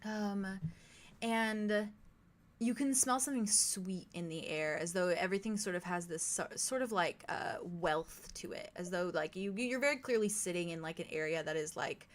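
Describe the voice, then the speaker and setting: A woman's voice: fairly low pitch, normal speed. A young woman narrating a tabletop role-playing game as game master, hesitant and full of fillers.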